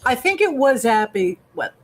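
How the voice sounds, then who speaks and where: A podcast co-host chatting through a show recap, quick to laugh and jump in. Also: high-pitched, very animated, fairly bright tone, low-quality recording.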